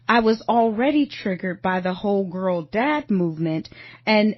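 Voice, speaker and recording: An earnest woman in her thirties tells a personal story on her podcast and talks straight to her listeners. Her voice sits at an ordinary middle pitch. The recording is dry and a little dull. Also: no echo. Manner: earnest, confiding, addresses listeners as y'all. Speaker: podcast host.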